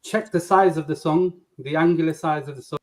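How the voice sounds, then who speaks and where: A man with a Nottingham English accent explaining his views at length, steady and earnest. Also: fairly high pitch, fairly quick, rough recording. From England. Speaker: guest.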